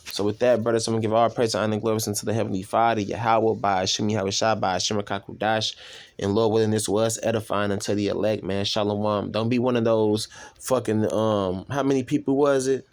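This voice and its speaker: A man casually reading and commenting on scripture as a self-styled preacher, rambling and profane, with drawn-out fillers. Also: lowish voice, flat delivery.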